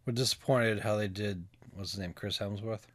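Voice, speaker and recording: A woman with a Boston accent co-hosting a podcast in relaxed, casual chat, chuckling as she talks. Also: extremely low pitch, normal speed. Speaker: podcast co-host.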